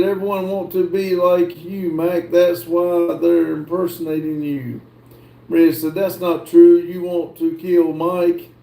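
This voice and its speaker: A man hosting a livestream, reading viewer comments aloud and answering them in a slow, drawling way. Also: fairly high pitch, creaky, dark tone. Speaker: livestream host reading chat. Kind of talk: casual chat. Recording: echoey room.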